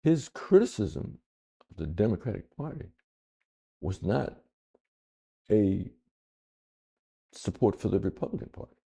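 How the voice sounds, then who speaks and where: A man with a low, husky and gravelly voice gives video commentary. He speaks deliberately, posing pointed questions and repeating lines for emphasis. His tone is dark and his pitch moves a lot. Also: lively intonation.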